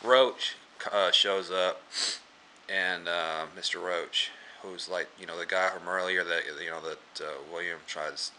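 Deep-voiced man, sharp and tense. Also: fairly even intonation, measured pace, slight background noise. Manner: rambling, many filler words and restarts; frequent throat clearing. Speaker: movie reviewer. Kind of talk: casual plot retelling.

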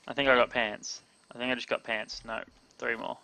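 A young man giving live gameplay commentary, excitable, talking to his chat and yelping when startled. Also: mid-range voice, normal speed, dry recording. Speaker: gamer streaming live.

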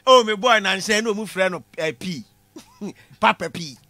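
A man giving a comic classroom lecture, animated, shouting punchlines and laughing at his own jokes. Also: high voice, moderate pace, dry recording. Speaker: comedy lecturer.

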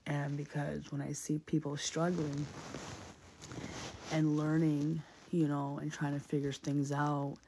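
A man's voice: a little high, monotone, slow, gravelly, noisy background. A man in a casual, reflective monologue, speaking earnestly and often repeating himself with many fillers.

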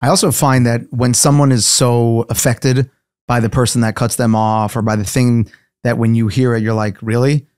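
A man co-hosting a podcast, adding his own thoughts in a measured, reflective way. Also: mid-range voice, little pitch movement, darkish tone, no echo, clean studio sound. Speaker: podcast co-host. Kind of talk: casual chat.

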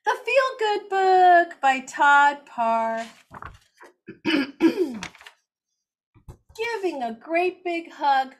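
An older woman reading picture books to little children in an animated, expressive, gentle way. Her voice is high and lively, moving through a wide melodic range. She reads slowly and deliberately. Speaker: circle time teacher.

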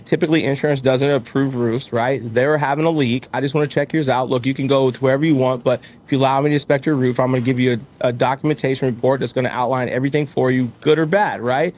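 A business owner in his thirties, with a mid-range voice, talks quickly and with few pauses in an easygoing interview. He tells his stories candidly and animatedly, acting out the voices of those he quotes.

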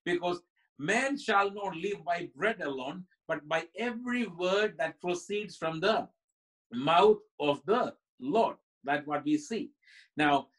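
A man's voice: fairly high pitch, a bit bright, low-quality recording. A man preaching a sermon as pastor at a Bible study, emphatic and building his points through repeated phrases. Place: church.

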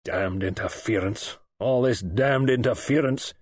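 A man's voice: lowish voice, lively intonation, moderate pace, a little mellow, slightly rough, dry recording, clean studio sound. A man playing a bitter, bad-tempered patient. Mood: irritable. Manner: curt, indignant, contemptuous.

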